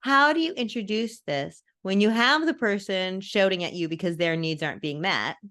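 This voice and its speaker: A woman's voice: medium pitch, lively intonation, normal speed, fairly bright tone. A woman hosting a podcast interview, asking rambling, self-correcting questions. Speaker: podcast host. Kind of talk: casual interview.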